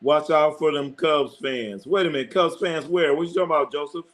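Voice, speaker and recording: A middle-aged man with a fairly high, fairly bright voice talks a little fast on his live sports stream. He rambles, curses and laughs a lot, often repeating phrases as he reads the chat.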